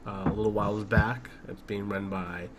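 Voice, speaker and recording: Low-voiced man over background noise. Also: level tone, moderate pace. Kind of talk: casual podcast chat.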